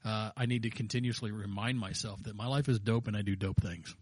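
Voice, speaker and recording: A man with a lowish voice co-hosts a casual ministry chat, circling his points with fillers and restarts. The recording is dry and close, with no room sound. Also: fairly even intonation, a little fast, darkish tone, no echo. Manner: rambling, many restarts and fillers. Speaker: podcast co-host, pastor.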